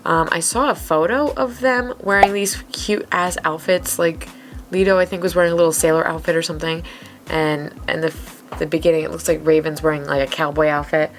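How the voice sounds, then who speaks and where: An excitable young woman talks through a reaction video in a loose, gushing way, swearing now and then. Her voice sits a little low for a woman. Faint music plays behind her. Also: fairly quick. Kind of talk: casual reaction commentary.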